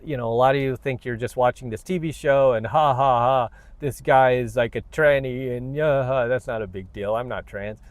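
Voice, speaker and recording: A man's voice: mid-range voice, moderate pace, hardly any pauses, dry recording. A man hosting his own channel, ranting to camera in a blunt, preachy, combative way. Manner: blunt, combative and preachy, many "you know what"s. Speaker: vlogger, self-help channel host.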